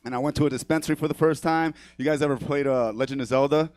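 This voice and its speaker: A man's voice: a little high, steady tone, quick pace, a little mellow, dry recording. A man from New York who grew up speaking Spanish first, doing a brash, profane stand-up set on a comedy theater stage, laughing at his own jokes and asking "right?" after each line.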